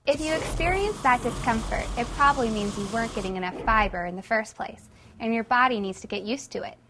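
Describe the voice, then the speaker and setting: A woman's voice: on the high side, a little fast, noisy background. A woman presenting a scripted educational lesson in a friendly, conversational way.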